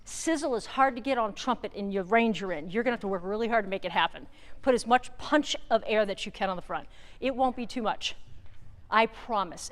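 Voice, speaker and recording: A woman working as a band clinician, rehearsing an ensemble on a large theater stage, giving quick directions, counting off and singing syllables to show how the notes should sound. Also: a little high, a bit bright. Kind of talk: rehearsal coaching. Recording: theater reverb with faint noise.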